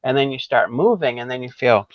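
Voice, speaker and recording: A man hosts an interview podcast, chatting eagerly and affirming his guest as he works through his own thoughts. His voice sits at a middle pitch, and the recording is dull, lo-fi and dry. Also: animated, fairly quick, dry recording. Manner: enthusiastic, affirming, thinks aloud. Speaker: podcast host. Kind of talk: conversational interview.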